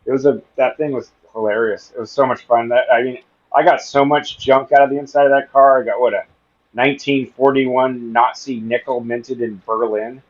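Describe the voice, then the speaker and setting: A podcast guest tells funny stories casually, acting out the characters and laughing a lot. His mid-range voice moves at a normal speed, and the recording sounds lo-fi.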